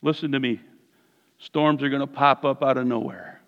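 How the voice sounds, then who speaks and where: A man preaching a sermon as pastor, animated, swinging from hushed lines to loud ones. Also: mid-range voice, normal speed, dull audio. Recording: reverberant hall.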